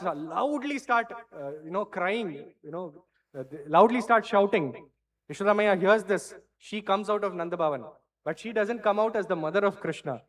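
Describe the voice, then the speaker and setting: A man telling a sacred story at a temple class, earnest, often ending lines with "right?" and "you know". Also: high voice.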